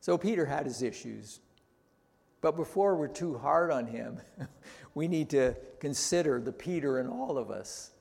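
A male pastor preaching a sermon, deliberate and emphatic, often posing questions to his listeners. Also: fairly high pitch, expressive, gravelly, darkish tone. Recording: long reverb in a large hall.

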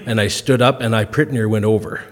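A man in his fifties, a guest speaker telling self-deprecating stories to a congregation in a folksy, comic way, clearing his throat now and then as he recovers from a cough. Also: lowish voice, fairly even intonation, fast talker. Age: 50s. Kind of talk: humorous storytelling talk to a congregation. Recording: long hall reverb.

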